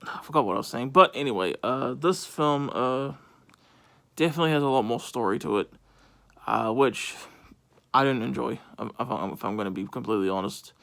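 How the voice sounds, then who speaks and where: A man's voice: mid-range voice, fairly quick, creaky, sharp tone. A man giving casual movie thoughts in a vlog, rambling with lots of fillers and restarts. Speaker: movie reviewer.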